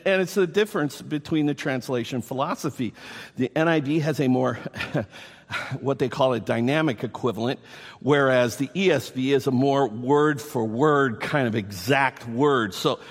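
A man preaching a sermon, emphatic and animated, with playful asides to the congregation. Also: medium pitch, moderate pace. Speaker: pastor. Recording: long hall reverb.

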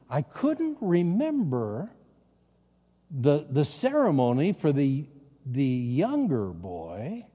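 Slow-speaking pastor in a reverberant hall. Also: male voice, mid-range voice, dark tone, highs cut off. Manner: halting, repeats words, conversational anecdotes. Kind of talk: sermon storytelling.

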